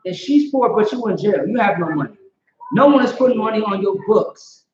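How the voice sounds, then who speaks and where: Man, scripture class teacher, casual talk, fairly high voice, roomy lo-fi recording. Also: lively intonation, fairly quick, a little mellow, a little hiss or hum. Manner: casual, conversational, peppered with "you know what I'm saying". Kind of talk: informal scripture class lecture. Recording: roomy, dull lo-fi.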